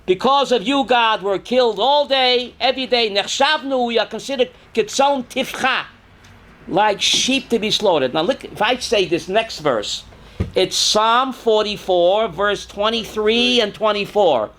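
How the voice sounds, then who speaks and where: Animated high-voiced man teaching scripture. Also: moderate pace. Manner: animated, reads Hebrew verses aloud and translates, questions the audience. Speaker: rabbi. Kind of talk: Torah class lecture.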